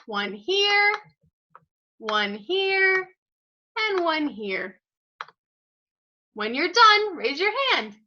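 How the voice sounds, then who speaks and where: A woman teaching an online group music lesson, giving slow step-by-step instructions and praising students by name. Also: very high-pitched, very animated, sharp tone. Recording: dull lo-fi audio.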